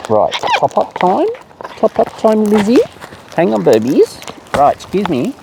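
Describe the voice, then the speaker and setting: In a noisy outdoor recording, a bird-feeding vlogger coos at wild cockatoos in playful baby talk and gives them silly nicknames. His high voice is gravelly and sing-song, a little slow.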